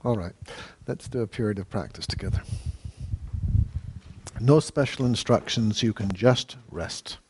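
A man teaching meditation, answering questions in a calm, measured way with frequent hesitant fillers. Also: lowish voice, a little hiss or hum. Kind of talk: dharma talk Q&A.

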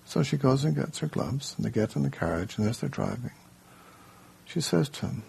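A man leading a workshop, telling a story in an unhurried way, then giving a group plain instructions in a room. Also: mid-range voice, lively intonation, creaky, darkish tone, slightly rough. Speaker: workshop leader.

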